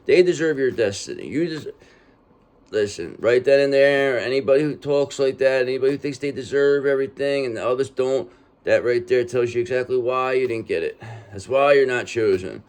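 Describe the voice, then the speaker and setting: Male tarot reader, casual and streetwise, keeps checking in with "okay?", mid pitch. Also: brisk, a little mellow, clear, resonant tone. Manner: street-talking, repetitive, reassuring with frequent "okay?". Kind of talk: casual tarot reading monologue.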